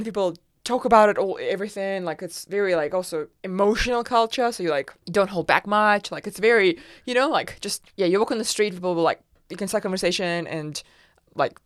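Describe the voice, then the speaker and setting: A young woman from Kazakhstan telling her story in a casual interview, chatty, with lots of fillers and lively quoted voices. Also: lowish voice, no echo, clean studio sound. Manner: chatty storyteller, many fillers, laughs often, animated quoting. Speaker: interview guest.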